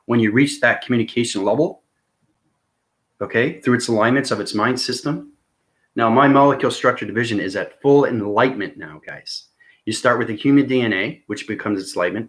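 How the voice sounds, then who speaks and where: In a mid-range voice that's a bit bright, a spiritual vlogger rambles through an intense monologue. His manner is earnest and intense, and he keeps turning to viewers with "okay?" and "right?".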